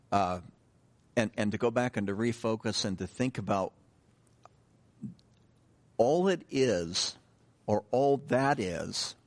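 A middle-aged pastor with a lowish voice preaches a sermon, reading scripture and praying. He then shifts into loose, conversational talk with restarts and joking asides.

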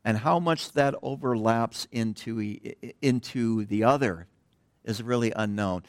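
Middle-aged male pastor, relaxed conversational sermon, rambly asides, trails off quietly, dry close sound. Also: medium pitch, measured pace, dry recording. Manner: digressive, drops to a hush at phrase ends. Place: church.

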